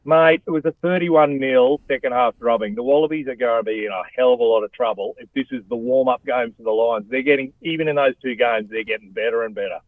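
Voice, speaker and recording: A man's voice: mid-range voice, fast, few pauses, no echo. A middle-aged Australian man, a former rugby player and radio host, chatting as a guest with blokey energy and plenty of "mate". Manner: blokey, animated, says "mate" a lot. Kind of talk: casual chat over a phone line. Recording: tinny phone line.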